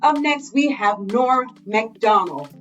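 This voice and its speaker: A woman introduces her reaction video in a casual, upbeat way. Her voice is fairly high and sits back from the mic, with quiet music playing underneath. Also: expressive, takes it slowly, distant mic, dull audio.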